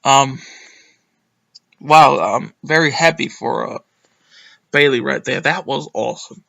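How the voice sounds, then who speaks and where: A young man recapping a wrestling show in a rambling, excitable way, with lots of ums and some swearing. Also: medium pitch, takes it slowly, creaky. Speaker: wrestling reviewer. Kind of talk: casual recap monologue.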